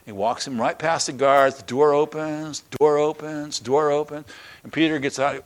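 An older pastor with a fairly high voice preaches at a moderate pace, retelling a Bible story and a personal anecdote. He's lively, acting out the scenes in quoted voices and chuckling along.

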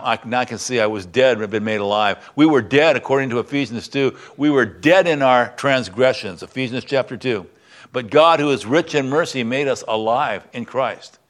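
A male pastor preaching a sermon, reading a Bible passage aloud and then explaining it in a conversational teaching manner. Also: mid-range voice.

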